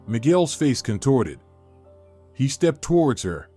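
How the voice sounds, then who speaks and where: A man narrating a dramatic story in a measured, scripted reading. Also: medium pitch, very animated, a little mellow. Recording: dry close recording with faint music.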